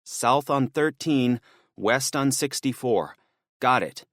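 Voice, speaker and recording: A man's voice: medium pitch, slow, fairly bright tone, dry recording, clean studio sound, pitched above the performer's own voice. A man reading an audiobook, voicing an anxious, eager young man who talks to his father on the phone while driving. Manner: eager, pleading, voice tight with worry.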